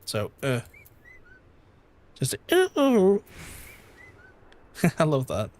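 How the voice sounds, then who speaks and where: A man's voice: fairly high pitch, huge pitch swings, very slow, darkish tone. A man with a Northern Irish accent chatting casually while streaming a game, rambling and slipping into mock-outraged rants. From Northern Ireland. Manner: rambling, exasperated ranting with mock-outraged quoted asides. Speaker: streamer playing an online role-playing game. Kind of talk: casual gaming-stream chat.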